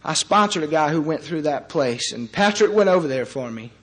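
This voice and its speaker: A man in his thirties sharing his recovery story before a group, earnest and halting, with long pauses and wry, self-mocking humor. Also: fairly high pitch, expressive, fairly bright tone. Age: 30s. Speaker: recovery meeting speaker. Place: meeting room before a live audience.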